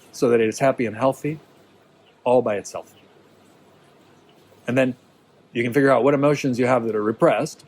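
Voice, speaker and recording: A man's voice: mid-range voice, a little mellow, slightly rough, low-quality recording. Male workshop leader, mid-range voice, casual and encouraging, keeps asking "right?". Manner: conversational, checks in with listeners. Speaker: teacher leading a workshop. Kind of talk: informal teaching talk to a small group.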